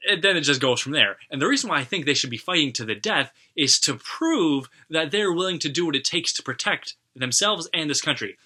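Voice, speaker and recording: A man's voice: medium pitch, pushed and bright. A young man from Canada, rambling bluntly to camera as a vlogger, with casual swearing and lots of fillers. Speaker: vlog host.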